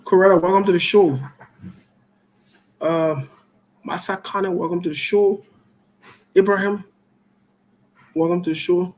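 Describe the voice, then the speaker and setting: Man, talk show host, high voice, slow deliberate delivery, greets callers by name. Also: low-quality recording. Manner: greets callers by name in a steady string, joking asides. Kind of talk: call-in talk show greetings and political commentary.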